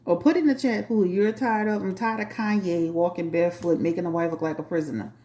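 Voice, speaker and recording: A woman's voice: lowish voice, fairly even intonation, brisk, dark tone, reverberant. A woman with a New Orleans accent, a tarot reader hosting her channel, chatting bluntly and sassily to a live chat. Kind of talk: casual talk to a live chat.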